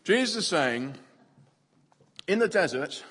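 A man's voice: high voice, big pitch swings, slow pace, fairly bright tone, breathy edge. A man preaching a playful sermon to a family audience, using props and repeating words as he talks. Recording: long hall reverb.

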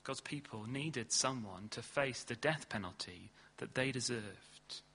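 A man preaching a sermon in earnest, leaning hard on key words and then dropping low and slow. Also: bright, forceful tone, breathy edge. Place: church hall.

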